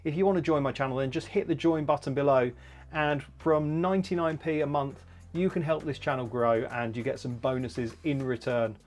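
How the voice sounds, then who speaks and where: A man's voice: mid-range voice, steady tone, a little fast, darkish tone, faint music behind. A man hosting a casual gear review vlog who rambles along with plenty of fillers and restarts. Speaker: tech reviewer.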